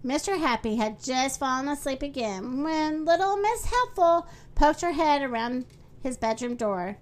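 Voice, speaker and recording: Slow-reading woman storyteller, high voice. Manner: friendly, animated read-aloud. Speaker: podcast host and storyteller.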